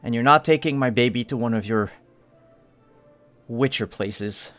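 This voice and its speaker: A man's voice: medium pitch, a little slow, fairly bright tone, faint music behind, close to an everyday voice. A man putting on a curt, protective village mother. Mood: defensive. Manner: curt and defensive.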